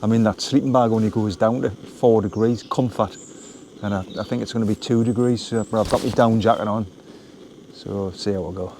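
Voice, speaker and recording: A man, chatting casually in a relaxed, rambling way as he vlogs from a woodland wild camp. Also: fairly low pitch, a little fast, slight background noise. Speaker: vlogger. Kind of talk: casual outdoor vlog talk. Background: birds and woodland ambience.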